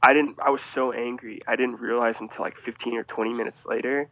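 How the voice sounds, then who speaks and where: Brief: male podcast guest, mid-pitched, spins a rambling anecdote in a dry, close sound. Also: brisk, no echo, low-quality recording. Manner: rambling, animated anecdote with restarts. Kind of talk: casual storytelling.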